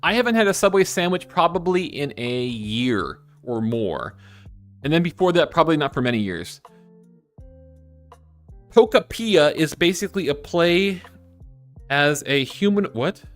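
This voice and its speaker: A man's voice: a little slow, pauses often, faint music behind. A man streaming live and chatting casually, reading viewer comments aloud, rambling and often sidetracking himself with many restarts. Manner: animated, jumps high in pitch when excited.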